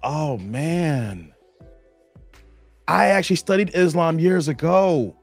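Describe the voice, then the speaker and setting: A man hosting a reaction video, commenting in an animated, preachy way and tacking "here" onto his sentences. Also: a little high, slow, faint music behind. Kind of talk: commentary on a played clip.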